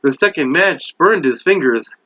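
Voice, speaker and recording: Man, amateur novel reading, slightly high voice, occasional slips, dull lo-fi sound. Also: lively intonation, normal speed, pushed and bright. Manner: reads with small slips and self-corrections, voicing characters lightly. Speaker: amateur book reader.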